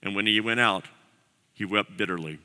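Bright-voiced preaching man in a reverberant hall. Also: fairly low pitch, normal speed. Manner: earnest preaching with repeated phrases. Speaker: pastor. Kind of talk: sermon. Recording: long reverb of a large hall.

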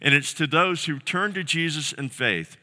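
A man's voice: a little high, moderate pace, pushed and bright, long reverb tail. A man preaching a sermon as a pastor, earnest and direct, repeating key phrases for emphasis.

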